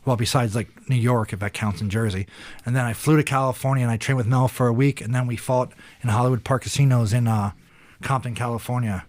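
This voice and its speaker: Brief: male guest in his 40s, mid-pitched, rambling and profane, acts out voices in his stories, dry close mic. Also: steady tone, fast talker, no echo. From Pennsylvania, USA. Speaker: podcast guest, retired kickboxer. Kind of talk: casual storytelling interview.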